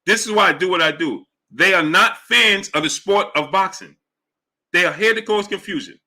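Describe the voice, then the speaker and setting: A man hosting a live boxing stream, arguing his point with repetition and greeting chat members in a lower voice. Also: normal speed. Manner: animated, argumentative, repeats points; drops low and soft for chat shout-outs. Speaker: boxing show host.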